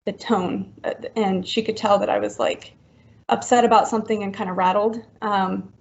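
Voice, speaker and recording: A woman in her thirties, a podcast guest from Florida, telling a personal story in a halting way full of likes and ums. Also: medium pitch, fairly even intonation, gravelly. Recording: dull lo-fi recording.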